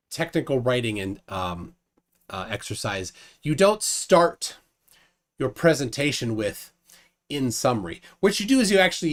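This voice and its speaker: A man hosting a casual live debate stream, wry and laughing often as he reads out viewer comments. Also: mid-range voice. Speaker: livestream debate host.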